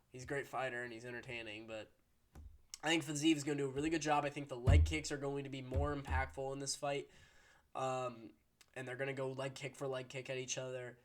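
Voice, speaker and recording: A man's voice: medium pitch, steady tone, a little fast. Opinionated man giving fight predictions. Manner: opinionated, fired up, swears, frequent restarts. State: hiccuping. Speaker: MMA prediction channel host. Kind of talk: casual solo commentary.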